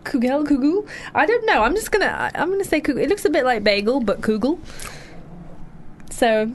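A woman's voice: sits high, animated, a little hiss or hum. A woman hosting a radio show, chatting casually with a guest and laughing often. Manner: chatty, giggly, quick asides.

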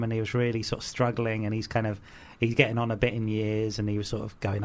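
A man's voice: fairly low pitch, completely flat delivery, fairly quick, few pauses. A man co-hosting a podcast in casual chat, telling a story with hesitant fillers. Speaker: podcast co-host.

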